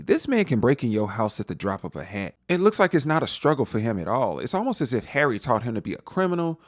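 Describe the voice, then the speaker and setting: This is a man running through a TV episode recap in a relaxed, slangy way, speaking straight to his viewers. His voice moves up and down a lot in pitch and sits at an ordinary male pitch. The sound is close and dry, with no room in it. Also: dry recording. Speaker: TV show reviewer. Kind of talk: casual spoiler recap.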